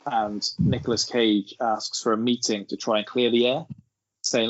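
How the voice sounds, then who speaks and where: A man's voice: mid-range voice, level tone, normal speed, dry recording. A man, rambling through an anecdote in casual podcast chat. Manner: rambling storyteller, laughing as he tells it. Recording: dull lo-fi sound.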